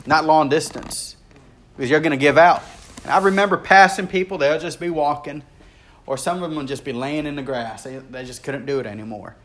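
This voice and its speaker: A man preaching a sermon, telling a story earnestly and swinging between rising intensity and hushed, quiet stretches. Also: brisk. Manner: earnest, builds in intensity and then drops low and quiet.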